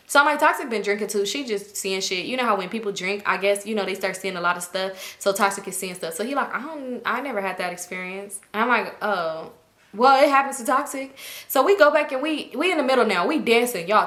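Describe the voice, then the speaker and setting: A young woman spins a casual story for her followers, slipping into everyone's voices as she goes. Her voice sits a little high and sounds bright and sharp. The room around her is noticeably echoey. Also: brisk. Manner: animated, acts out quotes. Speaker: storytime vlogger.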